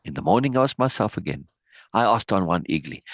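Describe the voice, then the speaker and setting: Brief: low-voiced male host on a live reading stream, animated and chatty, close dry sound. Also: creaky, no echo. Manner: animated, laughing asides, halting restarts. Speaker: host reading a book aloud.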